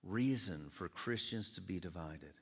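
Lively preaching man in a big reverberant hall. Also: low voice, unhurried, creaky, husky. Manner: lively, conversational preaching with audience banter. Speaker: pastor. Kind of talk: sermon. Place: church sanctuary.

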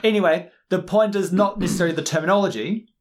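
A man's voice: sits high, fast talker. A man co-hosting a casual chat about music and dance, explaining in a loose, restarting way. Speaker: podcast co-host.

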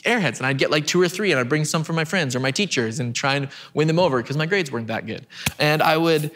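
A man's voice: fairly high pitch, fast talker, a bit bright. A man in his thirties preaches from a church stage. He keeps it conversational and self-deprecating, often doubling back on his words as he restarts a thought. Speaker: pastor. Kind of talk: sermon.

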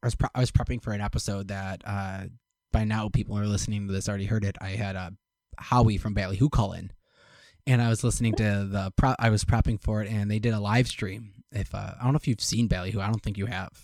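A man in his thirties hosting a podcast in casual chat, rambling and animated, often restarting his sentences. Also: on the low side, fast talker, dry recording, clean studio sound. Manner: rambling, animated, self-correcting. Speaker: podcast host.

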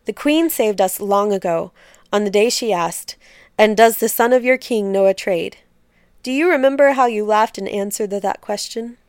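A woman voicing a gentle young male king who corrects a friend softly, in a storybook reading. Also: medium pitch, moderate pace, smooth, dry recording, clean studio sound, natural voice.

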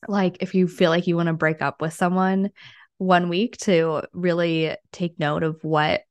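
A woman's voice: lowish voice, flat delivery, unhurried, no room sound, dull audio. A woman hosting a podcast interview, musing thoughtfully in a casual way with frequent fillers. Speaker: podcast host.

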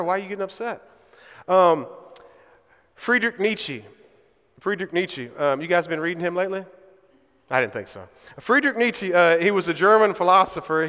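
A man's voice: sits high, a bit bright, clean tone. A man preaching a sermon in a church, speaking emphatically and often checking in with his listeners by asking "right?". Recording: reverberant hall.

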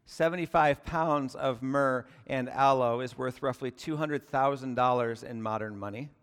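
A man's voice: medium pitch, moderate pace, a bit bright, smooth, in a large hall. A male pastor delivering a sermon, conversational and earnest, often asking the congregation rhetorical questions.

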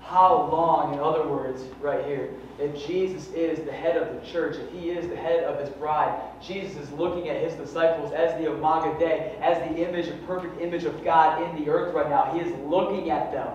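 A man's voice: on the high side, fairly even intonation, moderate pace, few pauses, darkish tone. Fervent man preaching in echoey hall. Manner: fervent, conversational preaching with rhetorical questions. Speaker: pastor. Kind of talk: sermon. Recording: echoey hall from far off, dull and faintly noisy.

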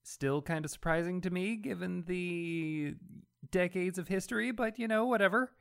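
A man in a casual comics chat, talking haltingly with frequent restarts and laughs. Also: high voice, gravelly, clear, resonant tone.

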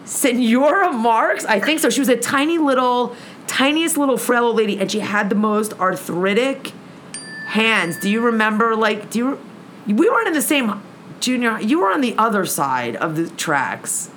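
A woman's voice: on the high side, sing-song, moderate pace, fairly bright tone, slight background noise. A woman co-hosting a casual podcast chat, playful and chatty, drawing out her asides. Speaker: podcast co-host.

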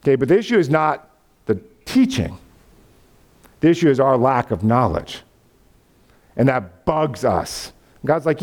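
A man's voice: medium pitch, unhurried, long pauses. A man preaching a sermon, telling a story with animation and acting out voices of the people in it. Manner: animated storytelling, acts out voices of God and Abraham, laughs. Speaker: pastor.

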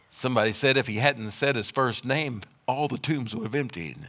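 Bright-voiced man preaching a sermon. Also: mid-range voice, big pitch swings, moderate pace. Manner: emphatic, rhythmic repetition, rising to loud declarations. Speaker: pastor.

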